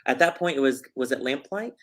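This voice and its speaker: A man's voice: mid-range voice, expressive, fairly quick, a bit bright. Playful male interview host. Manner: playful, joking, lots of likes. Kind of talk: casual interview chat.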